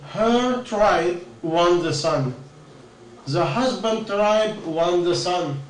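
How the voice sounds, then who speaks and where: A man telling a story in a sermon, earnest, with halting non-native English, often putting questions to his listeners. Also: high-pitched. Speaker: preacher. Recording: echoey room, mic at a distance.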